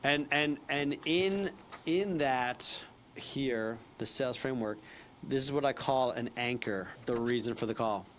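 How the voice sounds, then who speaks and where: A man teaching a sales training session in a casual, animated way, acting out bits of phone calls. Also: mid-range voice, measured pace, slight background noise.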